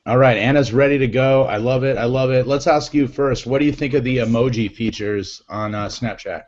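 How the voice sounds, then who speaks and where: A man hosting a casual group chat, upbeat and playful, quick to laugh. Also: medium pitch, darkish tone, dull audio. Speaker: show host.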